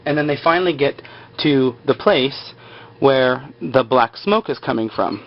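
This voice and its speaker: A man's voice: medium pitch, lively intonation, unhurried. A man casually retelling a TV episode, rambling with lots of filler words. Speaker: episode recapper. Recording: slightly muffled lo-fi recording.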